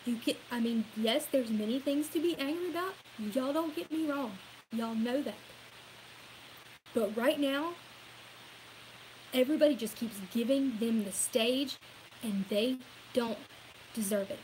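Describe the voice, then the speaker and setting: A woman with a Louisiana accent speaks in a high voice, rambling through a casual opinion vlog. She is earnest, says y'all a lot and laughs at herself now and then. A faint hiss runs under the recording. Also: measured pace, long pauses, darkish tone, low-quality recording. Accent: Southern US, Louisiana. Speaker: political vlogger.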